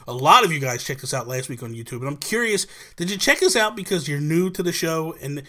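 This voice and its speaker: A man co-hosting a casual gaming podcast, telling stories with lots of laughter and excited jumps in his voice. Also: on the high side, brisk. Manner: animated storytelling, laughing often. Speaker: podcast co-host. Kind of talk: casual chat.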